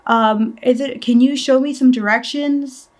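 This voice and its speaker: A creepy older man calls out again and again from his truck, insistent and a bit higher in pitch, as a young woman quotes him in a storytime vlog. He keeps repeating himself in a pushy way. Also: fairly even intonation, unhurried. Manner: insistent, repetitive calling.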